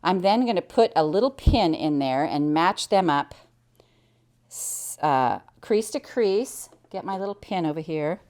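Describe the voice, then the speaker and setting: A middle-aged American woman walks through a quilting project step by step. She chats cheerfully as she works, and her voice sits a little low. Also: lively intonation, a little slow, darkish tone. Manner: chatty, cheerful step-by-step explaining. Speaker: quilting teacher. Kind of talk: hands-on sewing tutorial.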